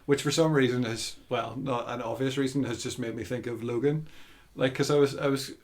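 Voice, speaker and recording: A man's voice: mid-range voice, steady tone, a little fast. A man hosting a podcast, chatting casually about movies with hesitant fillers. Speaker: podcast host.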